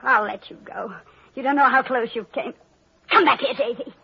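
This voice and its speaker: A woman's voice: sits high, moderate pace, gravelly, husky, full character voice. An actress playing a jealous, scheming woman in an old radio drama, cold and menacing. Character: jealous scheming woman Emily, turning murderous. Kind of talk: 1940s radio acting. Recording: dull old radio broadcast.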